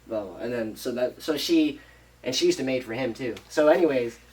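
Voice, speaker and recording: A man on a podcast casually retelling a movie plot, rambling and animated, acting out the characters' lines and swearing freely. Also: medium pitch, brisk, far from the mic, slight background noise, rough recording. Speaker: podcast co-host.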